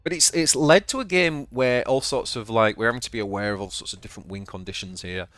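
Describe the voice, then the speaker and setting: A channel host with a Yorkshire accent chats casually through his own card game as he plays, thinking aloud and often stumbling over and repeating words. His mid-range voice is fast and fairly bright. There is no room sound, just faint music behind him.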